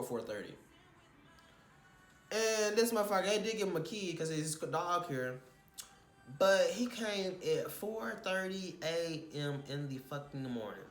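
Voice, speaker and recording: A young man from Houston, telling a heated story in casual vlog style, profane and animated, acting out what others said. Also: fairly high pitch. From Houston, Texas. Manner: animated, profane, quotes others in his own voice. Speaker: vlogger. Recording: echoey room with faint ambience.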